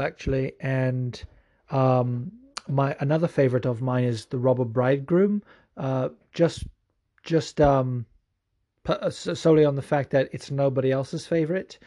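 Guy podcasting, swears a lot, um-heavy rambling, mellow dark voice. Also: medium pitch. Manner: rambling and profane, lots of fillers. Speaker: podcast host. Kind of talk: casual listener Q&A chat.

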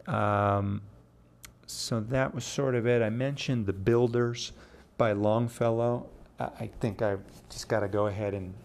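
A man in his fifties talks through a casual solo episode of his poetry show. His voice sits low with a gravelly edge. He rambles, restarts phrases and corrects himself, with frequent small chuckles. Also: fairly even intonation, a little slow, a little mellow. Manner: chuckles often mid-sentence.

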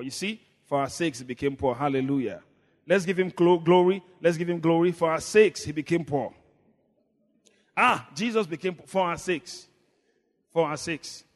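Man, call-and-response sermon, high voice, ringing hall. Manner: call-and-response preaching, shouting and dropping to a murmur. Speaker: pastor.

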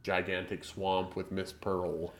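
A man with a low voice talks through a movie recap for his podcast. He is sarcastic and swears freely. He laughs a lot while he goes. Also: level tone, slow pace. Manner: profane, sarcastic, laughs often. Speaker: podcast co-host. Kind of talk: casual movie recap chat.

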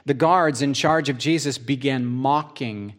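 A man preaching, reading scripture aloud as an expressive storyteller with casual asides. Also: mid-range voice, unhurried. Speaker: pastor.

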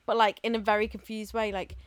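A woman's voice: medium pitch, flat delivery, fast talker, no room sound. A young woman co-hosting a casual podcast, bubbly and jokey, often giggling. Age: young adult. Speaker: podcast co-host.

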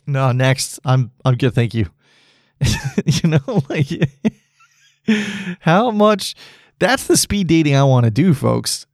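A man's voice: mid-range voice, very animated, slow, long pauses, a little mellow, dry recording, studio quality. A man hosting a solo podcast, rambling casually and laughing at his own jokes. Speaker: podcast host.

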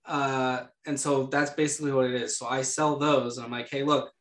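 A woman with a strikingly deep voice hosts a casual chat, explaining things in a friendly, plain way. The sound is roomy, with a clear echo around her. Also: fairly even intonation, brisk.

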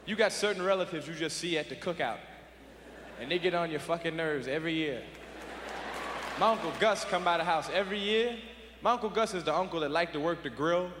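A man's voice: a little high, fairly quick, fairly bright tone. A man performing stand-up comedy, telling profane stories to a live audience. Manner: profane, storytelling. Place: live venue before an audience. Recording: echoey live venue with crowd noise.

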